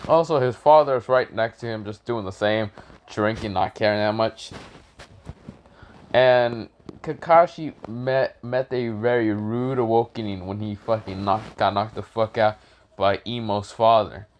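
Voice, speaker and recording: A man casually improvising a fan-fiction story, rambling with self-corrections, swearing, and high shouted voices for characters. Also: measured pace, dull audio, a little hiss or hum.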